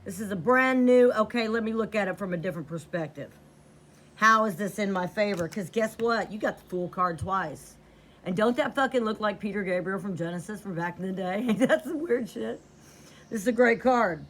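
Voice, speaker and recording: A woman's voice: medium pitch, normal speed. A woman giving a tarot reading to camera, blunt and profane, repeating lines for emphasis. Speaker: tarot reader.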